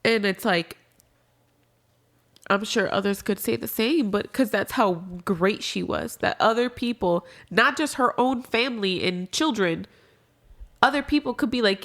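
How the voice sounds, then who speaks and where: A woman's voice: medium pitch, a little slow, a bit bright. A young adult woman as a podcast guest, talking candidly and casually about grief, swearing freely and trailing off into restarts.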